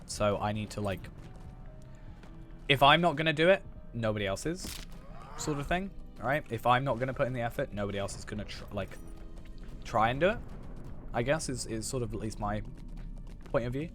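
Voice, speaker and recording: A young man streaming a game, chatting casually in a rambling way full of fillers and restarts, a bit hoarse. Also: medium pitch, lively intonation, normal speed, pauses often, fairly bright tone, faint music behind. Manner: rambling, filler-heavy, self-correcting. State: hoarse after losing his voice. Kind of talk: casual chat while gaming.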